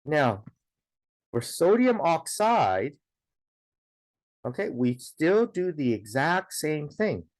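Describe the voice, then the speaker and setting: A man's voice: on the high side, big pitch swings, slow pace, long pauses, no room sound. A man teaching a science lesson, explaining step by step in a patient way, with a lot of "okay" and "now". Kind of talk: recorded classroom lesson.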